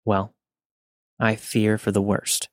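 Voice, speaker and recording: A man reading scary first-person stories aloud in a steady, even narrator's voice. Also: on the low side, slow pace, no room sound, studio quality. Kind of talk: scripted horror story narration.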